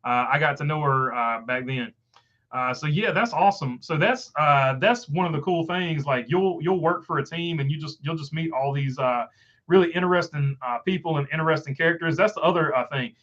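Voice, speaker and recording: Hosting a casual live stream, a man with a Southern country accent reads out viewer comments, rambling and packing his speech with "uh" fillers. His voice is fairly high, brisk and fairly bright, and the sound is lo-fi.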